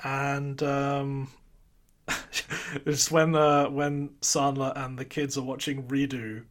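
A man's voice: medium pitch, level tone, takes it slowly. A man co-hosting a casual film talk, laughing often as he speaks. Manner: laughs often while talking. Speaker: podcast co-host.

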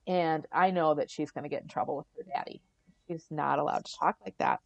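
A middle-aged woman guest on a podcast, telling her story in a casual, animated way, often acting out what others said and laughing. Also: low-pitched, fairly quick, no echo.

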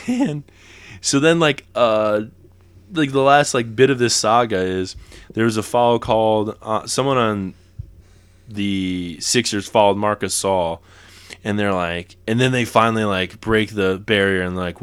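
In this casual sports chat, a young podcast co-host wanders through basketball talk, chuckling and fixing his own words as he goes. He speaks at a measured pace in a smooth, lowish voice.

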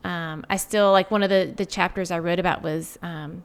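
A woman's voice: lowish voice, steady tone, a little fast, clear, resonant tone. A woman in her forties, a guest author, talking reflectively in a casual interview with many filler words.

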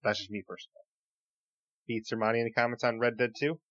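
A man's voice: mid-range voice, level tone, fast, fairly bright tone, dry recording, lo-fi sound. A man hosting a casual gaming podcast, steering the panel and calling on each guest in turn. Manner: steers the discussion, calls on panelists. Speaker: podcast host.

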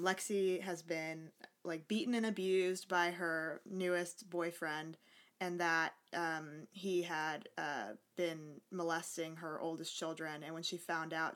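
A woman's voice: low voice, a bit bright. A woman in casual podcast chat, retelling a film's plot in a chatty, sarcastic way and swearing casually. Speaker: podcast co-host. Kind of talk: casual movie recap chat.

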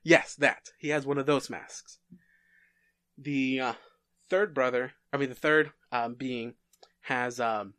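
A man talks through a story idea in a loose, casual way, often pausing and restarting his sentences. His pitch sits in a middle range. The recording is dry, with no room echo. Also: fairly even intonation, sharp tone, clear, resonant tone. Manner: halting, many fillers and restarts.

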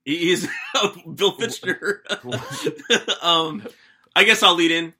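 Podcast guy joking about movie actors, high voice, really bright and sharp. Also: slight background noise. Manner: joking, quick asides. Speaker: podcast co-host. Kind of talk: casual movie chat.

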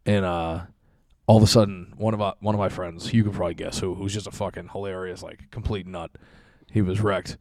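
Young guy rattling off a rambling sweary story, lowish voice, super dry close sound. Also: fairly even intonation, brisk, darkish tone, dry recording. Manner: rambling, profane, lots of fillers. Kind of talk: casual chat.

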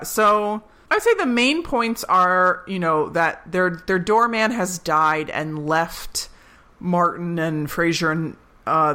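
A young woman co-hosting a podcast in casual chat, talkative and quick to laugh. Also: deep voice, sharp tone. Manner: chatty, laughs often, quick asides. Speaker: podcast co-host.

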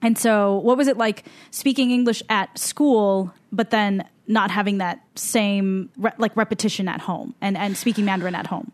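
A woman's voice: medium pitch, steady tone, moderate pace, few pauses. A woman hosting a podcast, asking long, rambling questions and giving frequent affirmations. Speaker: podcast host. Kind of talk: casual interview.

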